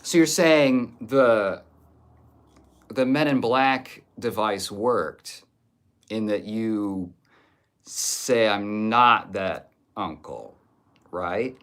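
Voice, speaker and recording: A man's voice: fairly low pitch, very slow, pauses often, a bit bright. A man streaming live, reading viewer comments aloud and answering with crude, jokey banter. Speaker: livestreamer reading chat. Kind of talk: casual livestream chat.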